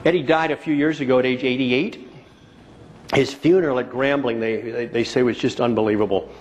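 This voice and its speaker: A man's voice: mid-range voice, fairly even intonation, fairly quick, slight background noise. A man giving a motivational keynote speech at a conference, telling stories and repeating key phrases for emphasis. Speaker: keynote speaker. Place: conference hall before a live audience.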